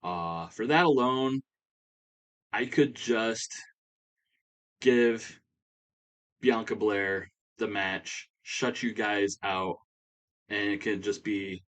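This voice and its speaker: A man voicing a stern female wrestling official, talking in a businesslike, measured way. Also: lowish voice, fairly bright tone.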